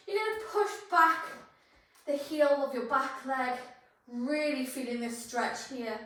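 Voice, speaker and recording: High-voiced woman teaching yoga, out of breath, encouraging, lots of room echo, mic kinda far. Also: fairly bright tone, a little hiss or hum. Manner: encouraging, cueing poses and breaths. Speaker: yoga instructor. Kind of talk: guided yoga class instruction.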